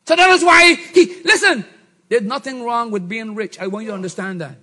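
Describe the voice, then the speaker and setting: A middle-aged man preaching a sermon, swinging from shouts to low murmurs. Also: brisk. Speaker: pastor.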